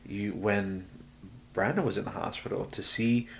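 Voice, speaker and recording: A man's voice: fairly low pitch, fairly even intonation, moderate pace, creaky, a little hiss or hum. A man hosting a podcast, talking reflectively in casual interview chat and sometimes dropping to a whisper. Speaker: podcast host.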